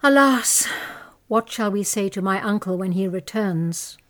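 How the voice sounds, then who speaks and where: A woman's voice: medium pitch, a little slow, fairly bright tone, lightly acted. A woman playing an anxious young noblewoman. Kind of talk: amateur audio drama acting.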